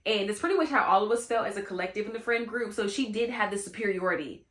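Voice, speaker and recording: A woman's voice: mid-range voice, fast, a bit bright. A young woman telling a personal story in a casual, slangy storytime chat, full of "you know what I'm saying.". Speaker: storytime host.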